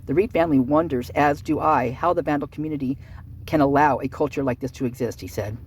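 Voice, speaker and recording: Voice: medium pitch, quick pace, a little hiss or hum. A vlogger giving heated, sarcastic commentary on news stories, ranting and calling people out. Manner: ranting, fired up, sarcastic asides. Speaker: true-crime commentary channel host. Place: at home, with outdoor work nearby.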